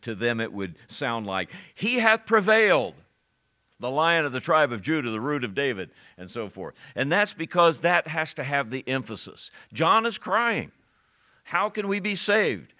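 Bright-voiced man preaching a sermon. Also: mid-range voice. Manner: conversational teaching with rising emphatic peaks on scripture.

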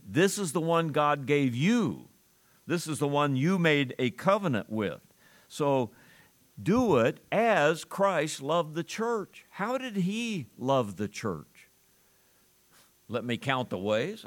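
A man preaching a sermon to a congregation, earnest, with pauses, restarts and emphatic rises on key lines. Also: medium pitch. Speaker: pastor.

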